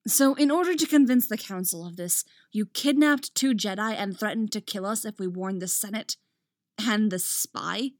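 A woman's voice: mid-range voice, normal speed, no echo, clean studio sound, natural voice. A woman playing a wry, composed jedi master.

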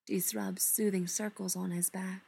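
A woman narrates a story slowly and gently, letting lines settle before moving on. Her delivery is soft and often sinks almost to a whisper. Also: mid-range voice, flat delivery, gravelly, breathy edge. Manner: soft, unhurried, often hushed. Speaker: reader. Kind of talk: storybook narration read aloud.

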